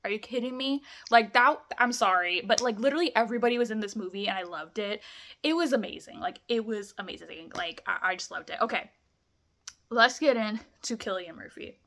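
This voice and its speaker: A woman's voice: medium pitch, animated, a little fast, fairly bright tone, a little hiss or hum. A young woman vlogging a film review, gushing in casual chat, full of "like" and "amazing".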